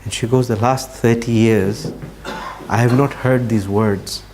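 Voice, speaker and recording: A man giving a religious talk, telling a story earnestly and slowing down for emphasis. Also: medium pitch, steady tone, darkish tone, a little hiss or hum. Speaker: Islamic speaker.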